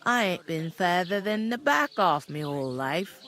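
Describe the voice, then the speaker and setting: A woman's voice: fairly low pitch, expressive, moderate pace, a bit bright. A woman voicing a blunt, gossipy tavern keeper in a video game, her accent drifting between regions as she talks. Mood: chatty.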